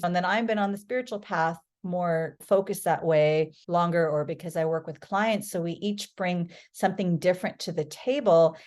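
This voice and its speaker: Animated woman telling a story. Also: fairly low pitch, moderate pace, hardly any pauses. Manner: animated, lively, acts out quoted voices. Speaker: podcast guest. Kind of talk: casual conversational storytelling.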